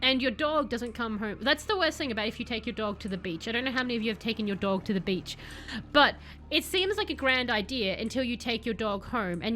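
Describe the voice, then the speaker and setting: A woman's voice: on the high side, fairly quick, slight background noise. A young woman streaming a video game, chatting casually with viewers in a rambling way. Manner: chatty, rambling, bursts of excited yelling. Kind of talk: casual let's-play chat with viewers.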